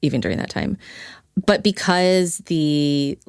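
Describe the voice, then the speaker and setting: A woman's voice: sits low, unhurried, a little mellow, clean tone, dry recording, studio quality. A woman hosting a podcast who also coaches, speaking thoughtfully, prompting her guest and adding wry asides. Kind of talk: casual conversation.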